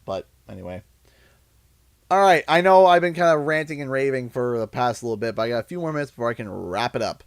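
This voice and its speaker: A man's voice: medium pitch, fast talker, few pauses, clean tone, no echo. A man, chatting on a livestream and telling rambling stories with a laugh at his own jokes. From Canada. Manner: animated, rambling storyteller. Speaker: streamer. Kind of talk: casual livestream chat.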